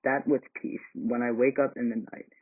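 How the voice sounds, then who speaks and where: Brief: man reading fussy, indignant older woman, mid pitch, phone-thin audio. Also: little pitch movement, moderate pace, husky, no echo, lightly acted. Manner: indignant, self-pitying complaint. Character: rigid, fussy older woman complaining of propriety. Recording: tinny phone-like sound.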